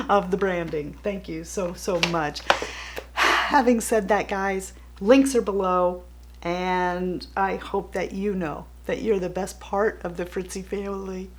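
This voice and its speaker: A woman's voice: mid-range voice, slow. A middle-aged woman vlogging about beauty, heartfelt and gushing as she thanks her viewers. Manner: gushing and heartfelt, laughs between phrases. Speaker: beauty YouTuber. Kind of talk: vlog outro, thanking viewers.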